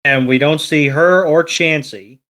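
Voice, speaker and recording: A man's voice: a little high, unhurried, a bit bright. A man co-hosting a podcast in casual banter, joking and swearing playfully. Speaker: podcast co-host.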